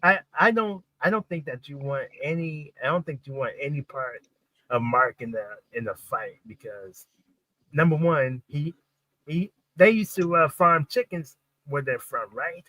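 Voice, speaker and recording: High, bright-voiced stammering man. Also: unhurried, no echo, rough recording. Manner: stammering, repeats words, excitable. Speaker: podcast co-host. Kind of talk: casual watch-party chat.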